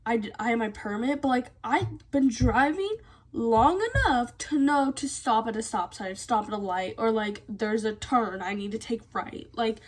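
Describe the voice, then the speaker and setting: A woman's voice: a little high, normal speed. A teenage girl venting to camera in a casual rant, blunt and exasperated, peppering her talk with "like". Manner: blunt, exasperated ranting with constant "like" fillers. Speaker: vlogger.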